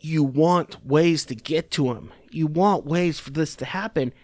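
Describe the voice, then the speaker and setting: A man's voice: fairly high pitch, unhurried, a little mellow, dry recording. A man hosting a podcast, giving rambling, sarcastic political commentary full of swearing and restarts. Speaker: podcast host.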